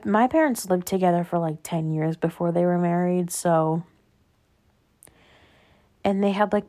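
A woman's voice: on the low side, mellow. A young adult woman hosting her own show, chatting casually and rambling through stories with lots of "like" and tangents. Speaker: podcast host. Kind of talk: casual solo chat.

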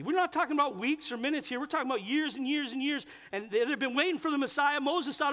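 Very high-voiced animated male pastor. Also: fast, hardly any pauses, big-room sound. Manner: animated storytelling, shifting between loud exclaims and quiet asides. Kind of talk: sermon. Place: large church sanctuary.

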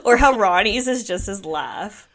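A woman's voice: mid-range voice, expressive, a little slow, a crowd in the background. A young woman hosting a podcast, recapping scenes in a snarky, casual way with lots of fillers. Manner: snarky, filler-heavy storytelling. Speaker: podcast host.

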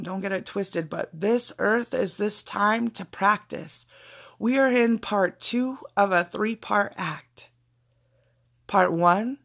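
Woman motivational speaker, gravelly, emphatic and repetitive, blunt profanity. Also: mid-range voice. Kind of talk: casual spiritual pep talk.

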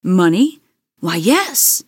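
A woman's voice: lowish voice, big pitch swings, very slow, breathy edge, no echo, clean studio sound, full character voice. A woman voicing a brave young male soldier in a storybook reading, asking plain earnest questions.

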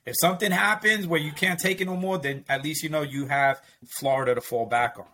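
A man's voice: a little high, steady tone, fairly quick, pushed and bright. Man telling stories with emphatic quotes. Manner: emphatic storytelling with acted quotes. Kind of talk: casual chat.

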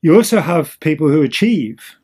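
Male co-host, husky voice, loose rambling explainer, casual chat. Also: on the high side, sing-song, normal speed, a little mellow. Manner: rambling, with many ums and restarts. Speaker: podcast co-host.

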